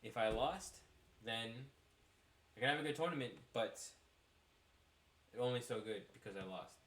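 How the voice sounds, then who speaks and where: A young man hosting a podcast, telling a rambling travel story in a casual, animated way and laughing at himself. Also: medium pitch, moderate pace, reverberant. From United States. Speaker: podcast host.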